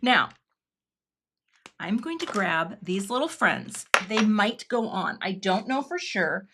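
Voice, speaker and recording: A woman's voice: mid-range voice, a bit bright, slight background noise. A woman hosting a live craft stream, chatting and thinking aloud as she works and thanking viewers in the chat. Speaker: craft livestream host.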